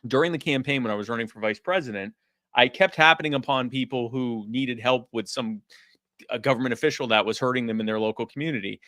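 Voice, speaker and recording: A man speaking as a podcast guest in casual interview talk, animated and acting out quoted voices. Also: medium pitch, fast talker, no echo, clean studio sound.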